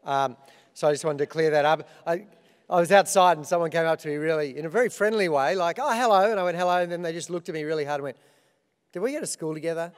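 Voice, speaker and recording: A man's voice: a little high, quick pace, clean tone, in a large hall. A middle-aged Australian man hosting an awards ceremony, telling self-deprecating stories with dry punchlines. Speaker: awards host. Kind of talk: comic opening speech.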